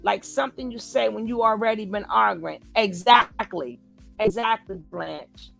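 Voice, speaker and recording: Speaking at a measured pace in a mid-range voice with vocal fry, a woman does casual live reaction commentary with soft music behind her. She animatedly replies to her live chat and replays quoted lines repeatedly in various voices.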